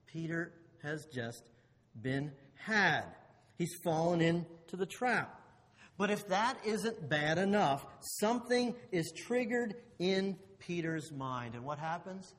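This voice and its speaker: A man preaching a sermon, swinging between loud emphasis and hushed low phrases, and asking the listeners rhetorical questions. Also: expressive, takes it slowly. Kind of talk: expository sermon. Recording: long hall reverb.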